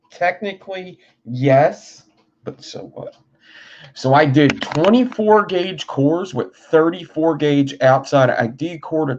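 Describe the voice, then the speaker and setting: A woman's voice: low-pitched, vocal fry, darkish tone, highs cut off. A woman on a live stream, muttering to herself and swearing casually while she works with wire. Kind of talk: live-stream crafting chat.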